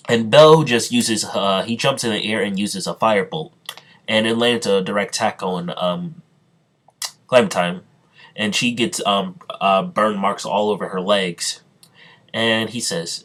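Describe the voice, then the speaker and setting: A man casually retelling an anime storyline, halting often with fillers and self-corrections and voicing the characters' lines in his own everyday voice. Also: fairly low pitch, a bit bright. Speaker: storyteller recapping an imagined anime plot. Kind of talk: casual spoken recap with quoted dialogue.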